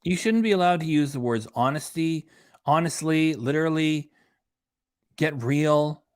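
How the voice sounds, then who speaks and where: A man's voice: on the high side, a little slow, a little mellow, clean tone, dry recording, clean studio sound. A man hosting a reaction channel, scolding a streamer in an angry, profane rant. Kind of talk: angry commentary on a livestream.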